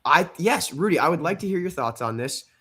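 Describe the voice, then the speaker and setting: A man hosting a sports podcast in a relaxed, conversational way, putting questions to his co-hosts. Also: fairly high pitch, fairly quick, a crowd in the background. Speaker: podcast host. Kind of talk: casual sports talk.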